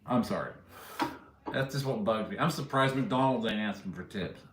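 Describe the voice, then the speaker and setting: Chatting loosely with viewers on a livestream, a man cracks jokes and chuckles at his own tales. He speaks at a moderate pace in a lowish voice, in an echoey room with a noisy background.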